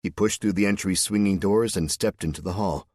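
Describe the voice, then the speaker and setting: Low-voiced male narrator, husky, steady storyteller. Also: fairly quick, dry recording, clean studio sound. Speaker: audiobook narrator. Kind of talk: scripted audiobook narration.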